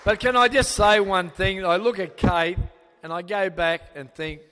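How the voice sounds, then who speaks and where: A man's voice: high-pitched, steady tone, moderate pace, pushed and bright, a faint crowd. Older Australian man giving a wedding toast. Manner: rambling, sentimental, with many fillers and restarts. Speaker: father of the bride. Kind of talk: wedding speech. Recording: long hall reverb.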